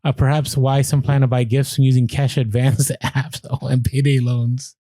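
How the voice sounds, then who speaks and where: A man's voice: mid-range voice, level tone, normal speed, warm tone, no room sound. A man co-hosting a podcast in casual chat, reading out statistics and breaking off for offhand asides. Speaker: podcast co-host.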